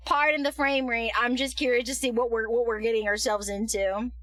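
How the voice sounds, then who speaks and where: A woman streaming a game, giggling, apologizing to her chat and cheering loudly at the screen. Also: on the high side, fairly even intonation, brisk, no echo, recorded from a distance, low-quality recording. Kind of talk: casual live-stream commentary. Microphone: headphones on, desk mic.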